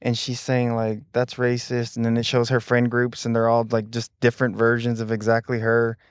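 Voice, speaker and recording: A man's voice: medium pitch, monotone, normal speed, clean tone, no room sound. A man hosting a podcast, laid-back and profane, chatting casually with short agreeing interjections. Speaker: podcast host.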